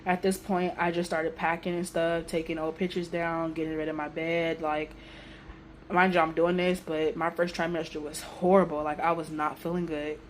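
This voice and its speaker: A woman's voice: low voice, moderate pace, slight background noise. Emotional woman telling a storytime vlog. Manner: emotional, animated retelling with slang. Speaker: vlogger. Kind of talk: casual storytime.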